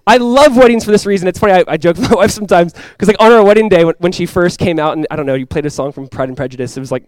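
In this sermon, a young man preaching rapidly with a somewhat high voice keeps things loose and chatty, sprinkling in "like" again and again. His delivery swings between hushed sincerity and loud excitement. It's captured close to the mic, dry, with no room sound at all.

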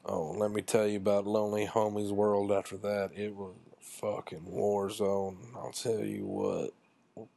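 A low-pitched man rambles through a crude personal anecdote, mocking himself as he goes. His delivery is loose and casual, full of asides. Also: monotone, moderate pace, few pauses, warm tone. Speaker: storyteller. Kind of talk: casual comic storytelling.

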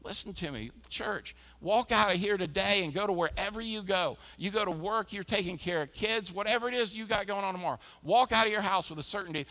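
A man preaching to his church with a high, bright voice. He drives each point home with energetic repetition and forceful emphasis. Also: brisk, hardly any pauses. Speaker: pastor. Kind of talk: sermon.

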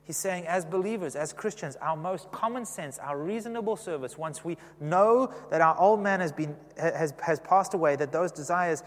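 A man's voice: fairly high pitch, moderate pace, hardly any pauses, long reverb tail. A man preaching a sermon in a conversational way, often asking the congregation questions.

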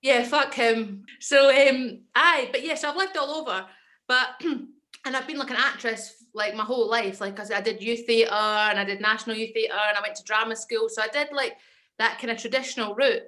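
Scottish actress guest, young woman, high bright voice, lively and laughing. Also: moderate pace. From Scotland. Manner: animated, laughs often. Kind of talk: casual chat. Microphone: video call.

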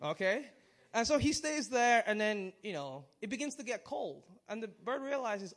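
A man's voice: high-pitched, lively intonation, fairly bright tone. A man preaching a sermon in a conversational way, with restarts and questions to the audience. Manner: conversational, halting, with restarts and chuckles.

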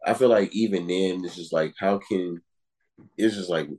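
A man's voice: deep voice, normal speed, a crowd in the background. A man co-hosting a podcast in casual chat, rambling and repeating fillers like "it's just like" and "you feel me". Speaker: podcast co-host.

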